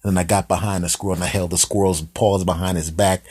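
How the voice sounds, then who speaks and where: A man in his fifties hosting, telling an absurd comic story with deadpan, rambling asides. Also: low voice, quick pace, slightly rough, no room sound, studio quality. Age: 50s. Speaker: comedian host.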